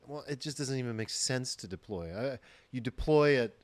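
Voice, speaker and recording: A man co-hosting a podcast, giving measured opinions in casual chat. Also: mid-range voice, lively intonation, no room sound. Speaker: podcast co-host.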